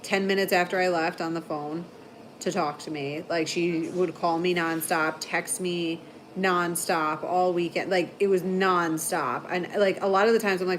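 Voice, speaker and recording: A woman hosting a casual livestream, telling long rambling stories full of "like" and quick laughs. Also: lowish voice, steady tone, slight background noise. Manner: chatty storyteller, heavy "like" filler, frequent laughter. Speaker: livestream host.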